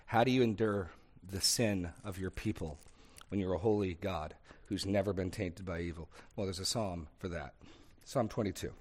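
A man's voice: deep voice, moderate pace, a little mellow. A man leading a Bible discussion as pastor, speaking earnestly, thinking aloud with small restarts and building points through rhythmic repetition. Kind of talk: unscripted teaching in a sermon discussion.

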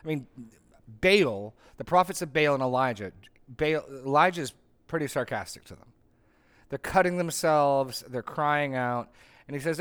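A man's voice: on the high side, expressive, moderate pace. A middle-aged man leading a Bible study as its pastor, conversational and full of restarts and asides while teaching a group.

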